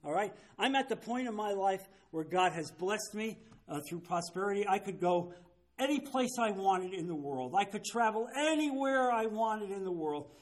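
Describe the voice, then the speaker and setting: Emphatic older man preaching, high voice. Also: expressive, moderate pace. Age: 70s. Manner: emphatic, keeps asking "you understand?". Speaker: pastor leading a Bible study. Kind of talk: sermon-style Bible teaching.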